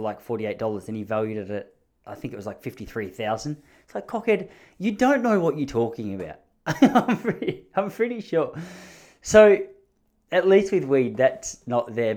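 A young Australian man chatting casually on his own, rambling and swearing, laughing easily, with his pitch jumping when he is amused. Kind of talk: casual monologue.

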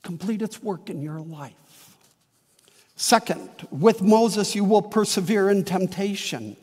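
High-voiced pastor preaching slowly in a hall. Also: male voice, a little mellow, husky. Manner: earnest, emphatic preaching with slow dramatic pauses. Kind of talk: sermon.

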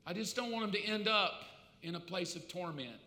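A male pastor preaching with a high, piercingly bright voice that swings from loud preaching to hushed asides. His sermon rings through a large hall with a long, echoing reverb. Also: brisk.

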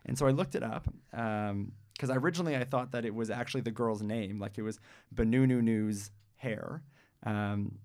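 A man's voice: medium pitch, a little mellow. A man co-hosting a radio show, chatting casually with lots of fillers and restarts. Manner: hesitant, many fillers and restarts. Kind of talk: casual chat and reading aloud.

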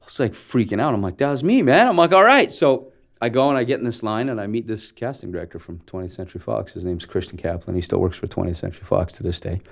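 A man in his forties from Canada, a guest telling an animated story of his start as an actor and acting out the dialogue as he goes. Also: fairly low pitch, fast, creaky. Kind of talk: casual storytelling interview.

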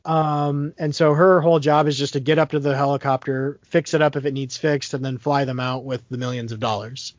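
A man's voice: mid-range voice, fairly even intonation, brisk, hardly any pauses, no room sound, muffled recording. A man casually talking through a movie's plot, rambling with lots of fillers and restarts. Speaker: podcast co-host.

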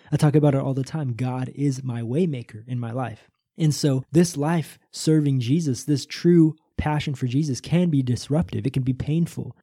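A man's voice: mid-range voice, mellow, no echo, studio quality. A man preaching a short, impassioned sermon on a podcast. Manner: impassioned preaching, rising on cries.

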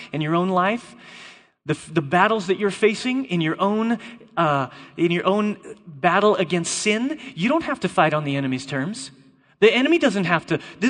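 A man preaching a lively sermon to a congregation, playful and emphatic, joking with volunteers. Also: high-pitched. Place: church hall before a congregation. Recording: long reverb of a large hall.

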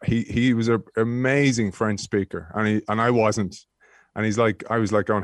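Male guest, 30s, low-pitched anecdotal storyteller, dry close mic. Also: brisk, no echo. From Ireland. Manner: animated storyteller with frequent restarts. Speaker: guest, former rugby player.

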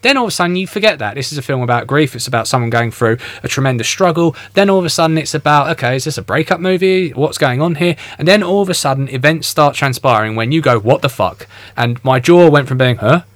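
A man's voice: on the high side, fast talker, hardly any pauses, no room sound. A man hosting a film podcast in a radio studio, chatting animatedly about a film and acting out his own reactions. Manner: animated, swearing, acts out reactions. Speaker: podcast host. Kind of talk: casual film review chat. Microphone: studio microphone.

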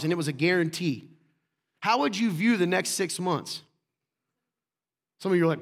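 A man's voice: on the high side, animated, brisk, fairly bright tone. A male pastor preaching a sermon to a congregation in a conversational way, firing off rhetorical questions and joking asides. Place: church room with congregation.

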